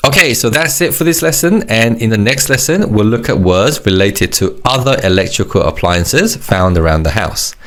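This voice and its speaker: Male teacher, low voice, very lively intonation, encouraging, slow repeat-after-me drills, scripted lesson. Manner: encouraging, models words slowly for repetition. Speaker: language teacher.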